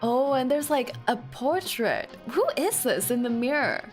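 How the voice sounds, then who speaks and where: A young woman with a high, bright-pitched voice chats her way through a game in a slow, unhurried drawl. She gets excitable easily and stretches her complaints into long, whiny cries, with faint game music playing underneath. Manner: excitable, drawn-out whining cries. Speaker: streamer. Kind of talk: casual gameplay commentary.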